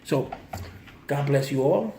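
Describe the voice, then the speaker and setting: A man's voice: mid-range voice, animated, slow pace, very noisy. A man in recovery speaking straight to his viewers, pleading and repeating himself with heartfelt urgency. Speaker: vlogger in addiction recovery. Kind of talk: earnest direct-to-camera appeal.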